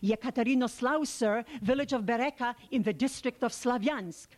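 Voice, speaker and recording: A woman's voice: fairly high pitch, normal speed, a little mellow, pitched above the performer's own voice, natural voice. A woman voicing a proud, eager young male peasant soldier, earnest and deferential as he answers an officer.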